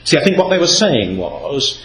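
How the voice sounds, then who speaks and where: Lively expressive man preaching. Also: medium pitch, moderate pace. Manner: expressive, reads scripture aloud with varied emphasis. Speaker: Bible speaker. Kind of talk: Bible exposition talk. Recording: echoey hall with faint noise.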